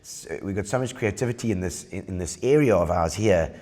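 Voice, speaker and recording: A man with a South African Eastern Cape accent, chatting casually on a podcast. His voice sits low, and he is an animated storyteller who keeps restarting his sentences. A long reverb hangs on every word. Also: fairly quick. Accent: South African English, Eastern Cape. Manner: animated storyteller, laughs often, many restarts. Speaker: podcast guest, entertainer. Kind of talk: casual chat. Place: bowling club.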